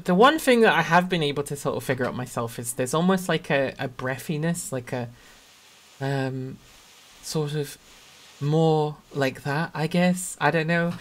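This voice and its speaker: A game streamer with a Northern English accent from around Sheffield, chatting casually and rambling, often laughing mid-sentence and softening their own accent. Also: mid-range voice. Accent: Northern English, Sheffield area. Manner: trims own accent toward neutral. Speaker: game streamer reading chat. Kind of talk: casual live-stream chat.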